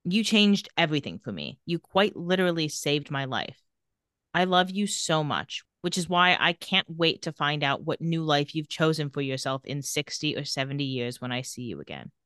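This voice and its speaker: A slightly low-voiced woman co-hosting a casual recap podcast retells each scene and reads out quotes in a flat manner at normal speed. The audio is close and dry, with no echo.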